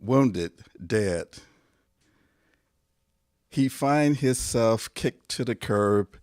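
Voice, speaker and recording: A man, a poet, reading his own poems aloud in a measured, deliberate way, pausing between phrases, his voice going hoarse. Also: mid-range voice, expressive, darkish tone, no echo, studio quality. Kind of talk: poetry reading.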